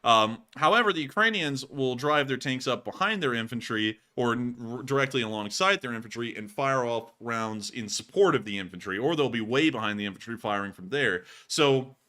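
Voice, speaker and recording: A man hosting a livestream, explaining tactics and thanking donors in a relaxed, chatty way. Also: mid-range voice, normal speed, hardly any pauses. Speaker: livestream host. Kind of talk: casual stream commentary.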